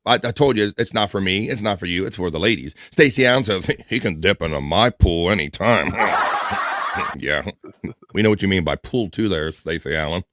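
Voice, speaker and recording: A man's voice: low-pitched, animated, normal speed, a bit bright, slight background noise. A man hosting a casual livestream, playfully teasing and reading viewer comments aloud. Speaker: livestream host.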